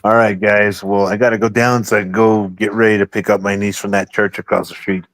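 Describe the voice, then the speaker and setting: A man chatting casually as a guest on a livestream, friendly and relaxed as he signs off. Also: on the low side, brisk. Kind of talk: casual chat.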